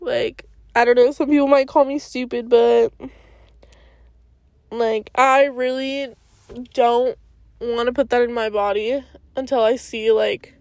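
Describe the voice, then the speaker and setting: A woman's voice: fairly high pitch, fairly even intonation, a little slow, long pauses, darkish tone, dry recording, clean studio sound. A young woman in her twenties telling a casual storytime vlog, slangy and swearing freely with lots of fillers. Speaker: vlogger.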